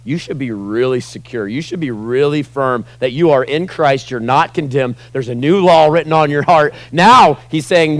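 A man in his forties preaching a sermon as pastor, animated, acting out groans and questioning the congregation. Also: a little high, no room sound. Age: 40s.

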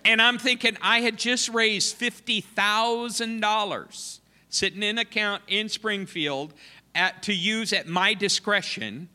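Male missionary preacher, animated self-mocking storyteller, high bright voice, long church reverb. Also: unhurried. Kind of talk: sermon storytelling. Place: church sanctuary.

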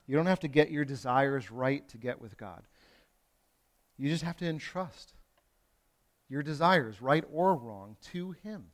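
A pastor delivering a sermon in a conversational way, moving from loud emphasis to hushed lines, with playful asides to the congregation. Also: male voice, medium pitch, animated, unhurried, long pauses. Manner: conversational preaching with wide swings from loud to hushed.

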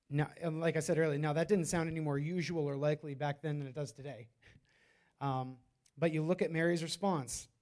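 A man's voice: a little high, fairly even intonation, moderate pace, pauses often, a little mellow. A man preaching a sermon in a loose, conversational way, with many fillers and restarts. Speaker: pastor.

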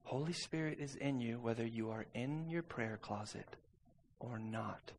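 A man preaching a sermon, telling a personal story and calling out to the congregation for responses, moving from quiet talk to shouting. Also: mid-range voice, a little slow, a little hiss or hum. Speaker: pastor.

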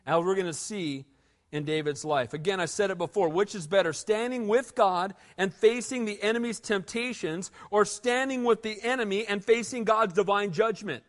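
A man's voice: sits high, normal speed. A man preaching a sermon in a conversational, emphatic way, often asking the room for an amen. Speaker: pastor.

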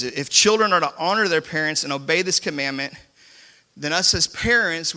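Forceful, bright-voiced pastor. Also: male voice, a little high. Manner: conversational, self-deprecating storytelling. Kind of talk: sermon. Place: church sanctuary before a congregation.

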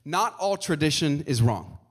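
A man delivers a sermon from the pulpit, his voice sitting a little higher than most men's. He talks through his points with plenty of uh fillers and restarts. He keeps turning to the congregation with questions and calls for an amen. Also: lively intonation, normal speed. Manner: preaching with frequent uh fillers and repeated phrases; asks the congregation for responses. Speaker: pastor.

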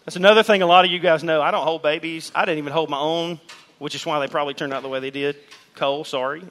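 Man preaching, lively and joking. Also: on the high side, fast. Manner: conversational preaching with jokes and emphatic repetition. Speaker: pastor. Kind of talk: sermon. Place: church sanctuary with a congregation.

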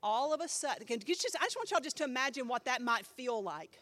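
A woman pastor teaching a Bible class in a chatty, animated way, often asking the class questions. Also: sits high, fast.

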